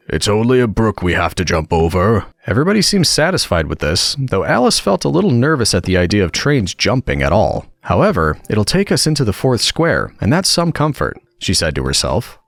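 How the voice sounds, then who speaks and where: Expressive man reading an audiobook. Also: on the low side, no echo, studio quality. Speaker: audiobook narrator. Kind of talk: relaxing audiobook narration.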